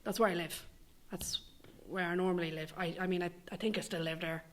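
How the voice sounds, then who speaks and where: A woman's voice: lowish voice, fairly even intonation, a little fast. Sweary sardonic Irish woman. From Ireland. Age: young adult. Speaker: comedic monologue performer. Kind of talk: scripted comic monologue.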